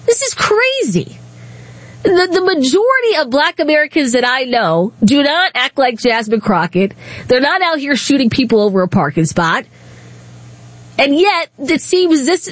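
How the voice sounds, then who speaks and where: A female talk radio host who talks bluntly and with indignation, breaking off and restarting as she goes. Her voice sits fairly high and comes through a dry, close studio microphone with no room sound. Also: no echo. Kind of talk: opinionated call-in talk.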